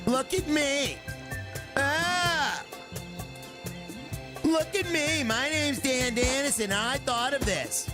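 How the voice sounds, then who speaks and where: A man's voice: very high voice, slow pace, long pauses, over music, voice pushed up. A man putting on the voice of a smug, self-important know-it-all man who brags about his own ideas. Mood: boastful. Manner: boastful, singsong repetition.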